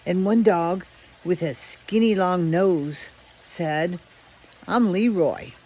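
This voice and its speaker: A woman telling a children's story aloud in a relaxed, conversational way with frequent restarts. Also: on the low side, slow, slightly rough, poor audio. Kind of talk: casual oral storytelling.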